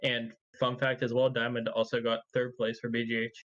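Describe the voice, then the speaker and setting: A man's voice: mid-range voice, completely flat delivery, moderate pace, fairly bright tone, muffled recording. A man presenting esports award results, listing records and win rates in a plain manner. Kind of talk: reading results in casual chat.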